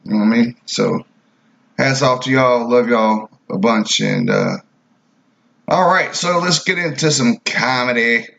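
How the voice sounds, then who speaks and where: A man's voice: mid-range voice, a little slow, gravelly, fairly bright tone. A man hosting a radio show, talking in a casual, rambling way. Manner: laid-back, rambling with fillers. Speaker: radio host. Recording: dull lo-fi audio.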